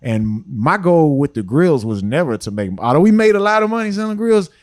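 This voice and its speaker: A man, a podcast guest telling long, relaxed stories full of "you know" asides. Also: fairly high pitch, a little fast. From Houston, Texas. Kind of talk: storytelling interview talk.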